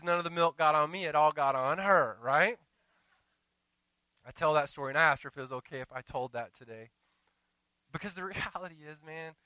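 Middle-aged male pastor preaching; smooth, dry, close voice, telling stories and talking straight to the congregation. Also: fairly high pitch, bright, forceful tone, dry recording, rough recording. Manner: storytelling with asides to the congregation. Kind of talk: sermon.

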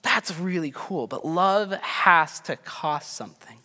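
A man's voice: fairly high pitch, expressive, slow, bright, forceful tone. A man in his thirties preaching a sermon in a casual, conversational way, with self-deprecating stories about his family. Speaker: pastor. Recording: long hall reverb.

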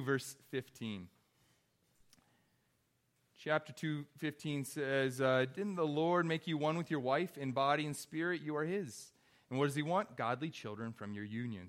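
A man's voice: medium pitch, a bit bright. A young adult man, a pastor, preaching a sermon in an earnest, conversational way with wry asides.

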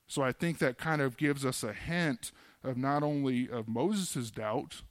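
A man's voice: medium pitch, unhurried, dry recording. A man giving a casual sermon, retelling scripture in everyday speech and acting out the characters' lines in a conversational way. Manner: conversational, acts out biblical dialogue in plain modern speech. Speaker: preacher.

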